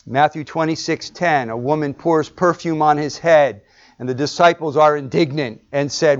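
A man preaching a sermon and reading scripture, stressing words hard and then dropping to a hush. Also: a little high, expressive, moderate pace. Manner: emphatic, shifts between loud stresses and hushed drops. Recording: dull lo-fi recording.

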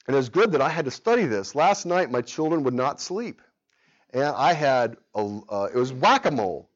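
With a voice that's a little high and audio that sounds dull, a man in his thirties teaches adults in Sunday school. He's earnest and conversational, tired from not sleeping the night before, and becomes animated as he tells stories.

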